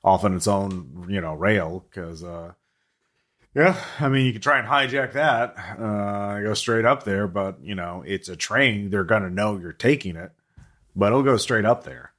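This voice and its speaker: A man's voice: fairly low pitch, unhurried, a bit bright. A man narrating as game master of a tabletop game, rambling with many fillers and restarts.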